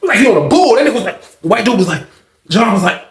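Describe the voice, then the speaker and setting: A man casually telling a story, profane and animated, acting out voices and sound effects, in a roomy-sounding recording. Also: high voice, quick pace. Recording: roomy echo.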